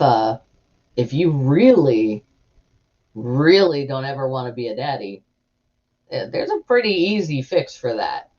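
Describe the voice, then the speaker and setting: A woman chatting casually to live viewers as host, telling stories animatedly. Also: extremely low pitch. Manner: animated storytelling, acts out voices of people in her anecdotes. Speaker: livestream host. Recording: muffled lo-fi stream audio.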